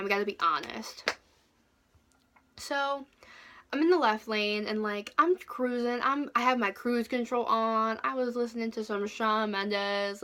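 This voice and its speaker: Bright-voiced young woman telling a storytime. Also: on the high side. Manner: animated, swearing, laughing asides. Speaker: vlogger. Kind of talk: casual storytime.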